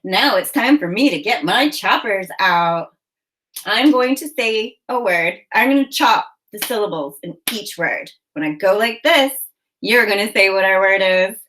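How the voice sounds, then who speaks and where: A woman teaching a phonics lesson for children, giving slow, clear, encouraging prompts. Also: medium pitch, lively intonation, a bit bright, low-quality recording.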